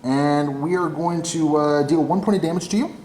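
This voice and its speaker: A man's voice: a little high, normal speed, a little mellow. A man hosting a tabletop battle report, talking through his moves in a casual, self-deprecating way. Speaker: tabletop game player and channel host. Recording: echoey room with faint noise.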